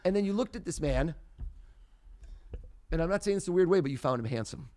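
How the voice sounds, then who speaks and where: Man, mentalist guest, theatrical, punches up to loud reveals, raised pitch. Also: fast. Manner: theatrical, rising to loud excited bursts. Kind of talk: live mind-reading performance.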